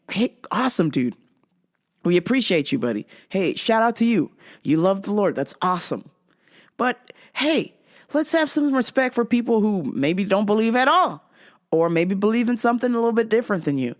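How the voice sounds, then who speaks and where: A woman hosting a casual vlog, telling a story in an animated, blunt way with frequent laughter. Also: mid-range voice, normal speed. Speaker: host.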